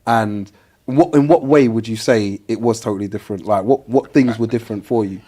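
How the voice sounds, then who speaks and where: A man hosting a casual podcast, asking questions in halting, restarting phrases. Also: on the low side, mellow. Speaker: podcast host.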